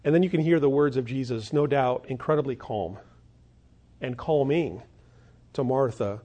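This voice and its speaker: A man's voice: medium pitch, moderate pace, long pauses, warm tone. A man preaching a sermon as pastor, earnest and emphatic, repeating his key points for weight.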